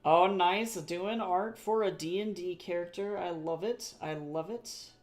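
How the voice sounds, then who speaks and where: A chatty, rambling streamer talks casually while drawing at home. The voice sits at an everyday middle pitch and wanders through self-corrections and repeated phrases. Casual swearing slips in along the way. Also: a little slow. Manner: swears casually and laughs at own jokes. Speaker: artist streaming live commission work.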